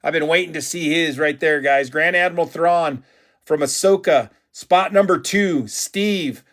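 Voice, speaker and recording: Hyped male stream host running a card break, slightly higher voice, talks straight to viewers. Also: unhurried. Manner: excitable, hyped, chatty with viewers.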